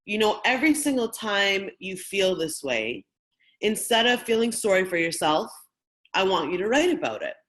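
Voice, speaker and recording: A woman quoting her father, a gentle immigrant dad giving his daughter calm, earnest advice. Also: high-pitched, moderate pace. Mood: encouraging.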